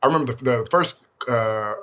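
A man hosting a casual panel discussion, asking a question in halting speech with frequent restarts. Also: medium pitch, a bit bright.

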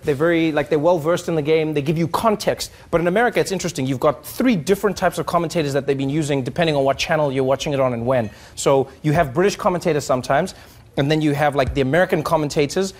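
A man's voice: on the high side, fast. A young man from Africa, telling comedic stories in a monologue, acting out voices and laughing often. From South Africa. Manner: animated, acts out voices and sings bits, laughs often.

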